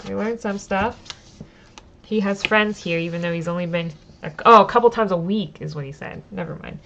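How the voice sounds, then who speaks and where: A woman's voice: mid-range voice, moderate pace, gravelly, a bit bright. A woman reading a solo horror gamebook aloud on stream, with casual, self-deprecating asides as she weighs the choices.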